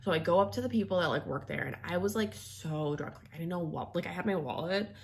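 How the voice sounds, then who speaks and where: This young vlogger talks fast, her low voice carrying a gravelly fry. She tells a personal story in a loose, rambling way, filling nearly every pause with filler words.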